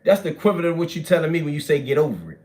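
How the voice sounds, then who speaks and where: A man, telling prison stories in animated, profane street talk that swings from shouts to low mutters. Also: rapid-fire.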